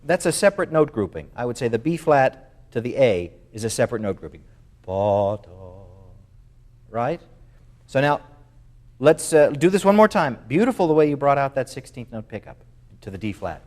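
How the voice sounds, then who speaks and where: A man's voice: mid-range voice, big pitch swings, a little fast, darkish tone. A man giving a music masterclass, explaining at length with many fillers and singing phrases on syllables to show them. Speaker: music clinician. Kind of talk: masterclass coaching.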